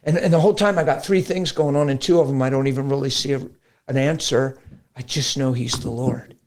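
A middle-aged man, a pastor, talking about faith in a lively conversational preaching style, acting out quotes as he tells stories. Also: mid-range voice, a little fast. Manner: animated storytelling, acts out quotes. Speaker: pastor guest.

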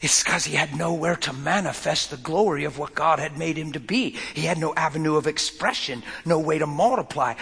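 Animated male preacher with a husky voice. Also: fairly high pitch, big-room sound. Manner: animated, swings from loud to whispered. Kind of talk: sermon with a personal story.

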